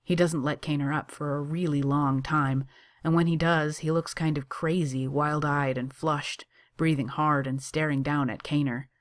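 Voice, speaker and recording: A woman reading fan fiction aloud, expressive and casual, with swearing in the narration. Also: deep voice, moderate pace. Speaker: reader.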